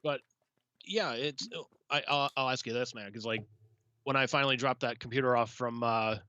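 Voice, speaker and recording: A blunt, bright-voiced man swearing casually. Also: mid-range voice, moderate pace, no room sound, lo-fi sound. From not from the UK. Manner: blunt, swears freely, laughs often. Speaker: podcast co-host. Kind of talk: casual chat.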